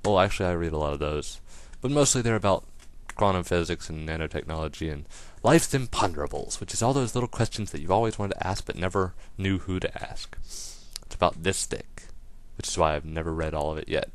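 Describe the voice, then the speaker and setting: A man's voice: low-pitched, brisk, few pauses, no echo. A teenage man hosting his own webcast, ranting in a silly, jokey way and wandering off on tangents, his voice still not fully recovered. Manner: silly and animated, goes off on tangents. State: partly lost voice, recovering. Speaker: webcast host. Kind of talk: comedic rant vlog.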